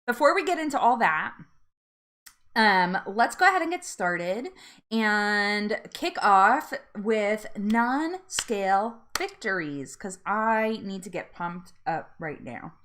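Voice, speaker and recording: Lively chatty woman host. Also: medium pitch, slow pace. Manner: chatty, laughs often, reads out viewer comments. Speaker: host of a live weight loss support chat. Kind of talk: casual live-stream chat.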